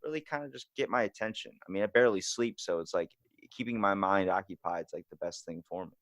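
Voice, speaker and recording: A young man hosting a casual podcast, with a fairly low voice and a dry, close sound. He tells his stories loudly and with animation, swearing freely. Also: fast, no echo. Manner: animated, swearing storyteller who does voices. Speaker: podcast host.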